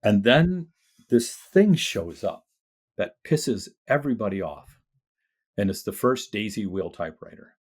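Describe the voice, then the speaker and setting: An older man guesting on an interview show, telling his life story in a casual, animated way and acting out the voices of people in it. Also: fairly low pitch, measured pace, slightly rough. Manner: casual with mild swearing.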